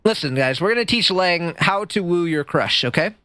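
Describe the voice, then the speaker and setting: Male streamer, casual stream chat: high voice, swooping animated delivery, self-deprecating humor. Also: moderate pace, dry recording. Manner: animated, goofy, self-deprecating, chats with viewers. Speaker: livestreamer. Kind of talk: casual live-stream chat while gaming.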